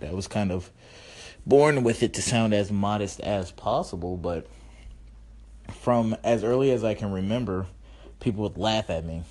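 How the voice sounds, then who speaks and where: A man hosting his own podcast, rambling and self-mocking with profanity, a little tipsy. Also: darkish tone. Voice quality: slightly high, funny-sounding voice. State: slightly tipsy from drinks. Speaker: podcast host. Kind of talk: casual solo podcast monologue.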